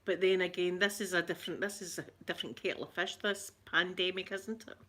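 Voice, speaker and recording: A woman's voice: on the low side, steady tone, a little fast, pushed and bright. A middle-aged woman with a Glaswegian accent, chatting casually with viewers during a livestream, repeating her phrases and laughing often. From Scotland. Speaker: ASMR livestream host.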